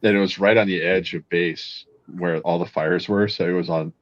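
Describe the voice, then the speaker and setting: A man's voice: low-pitched, fairly even intonation, moderate pace, no room sound. A man, a Marine veteran, joking crudely in casual chat. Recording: dry, dull lo-fi sound.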